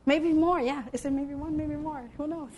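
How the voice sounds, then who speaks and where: High-voiced woman sharing a missionary testimony. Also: normal speed, a little hiss or hum. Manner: animated storytelling, acts out quotes, laughs often. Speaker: missionary speaker. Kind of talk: testimony talk to a congregation.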